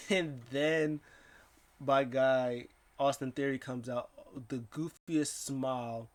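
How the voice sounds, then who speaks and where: Man, wrestling recap vlogger, rambling, excitable, casual rundown, middle pitch. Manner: rambling and excitable, with quick voices for the people he quotes.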